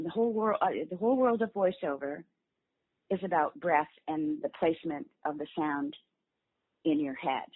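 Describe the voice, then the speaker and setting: A woman voice actress being interviewed, animatedly explaining how she builds voices, sometimes dropping into quick demo voices. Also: sits low. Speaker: voice actress guest. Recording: phone-like lo-fi call audio.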